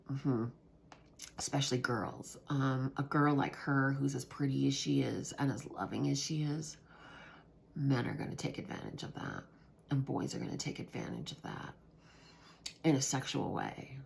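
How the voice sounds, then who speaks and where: A woman casually telling a personal story, hesitant with many ums, sometimes dropping to a hushed whisper. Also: very deep voice, vocal fry, a little hiss or hum. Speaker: vlogger recounting substitute teaching.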